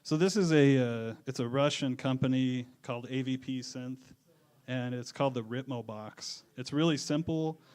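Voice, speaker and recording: A man's voice: mid-range voice, normal speed, a little mellow, clear, resonant tone. A man who just performed at a bar, answering questions about his music in a laid-back, easygoing way. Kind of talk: casual interview answers. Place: bar at a live music event.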